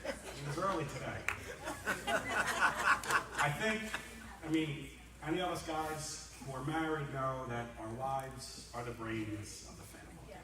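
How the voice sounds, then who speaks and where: A man giving a comic roast speech in a large banquet hall, telling stories in a lively way and acting out the characters. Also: mid-range voice, a little slow, long pauses, heavy background noise. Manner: lively storyteller, acts out the characters. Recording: echoey hall, distant mic.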